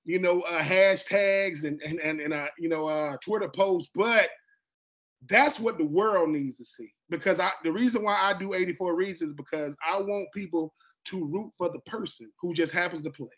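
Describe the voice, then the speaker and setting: A man from Georgia, USA hosts a casual podcast chat, his voice sitting high at a normal pace on a muffled recording. He's animated and acts out quoted dialogue, often repeating himself and restarting.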